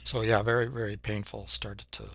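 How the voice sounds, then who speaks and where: Reaction host, male, hoarse and losing his voice, husky and gravelly, bright-edged tone, earnest and reflective. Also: on the low side, little pitch movement, moderate pace, no room sound. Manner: reflective, earnest, restarts his sentences often. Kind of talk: casual music reaction commentary.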